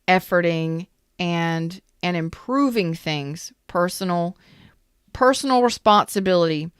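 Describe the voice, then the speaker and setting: Smooth-voiced woman giving a tarot reading. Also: lowish voice, fairly bright tone, dry recording, studio quality. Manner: chatty, repeats questions, frequent restarts. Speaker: tarot reader. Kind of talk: casual spoken tarot reading.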